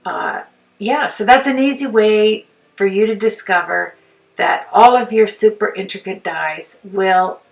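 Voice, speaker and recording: A woman's voice: mid-range voice, measured pace, far from the mic, poor audio. An older woman chatting casually through a voiceover tutorial, rambling and poking fun at herself. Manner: chatty, rambling, self-deprecating. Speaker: crafting channel host.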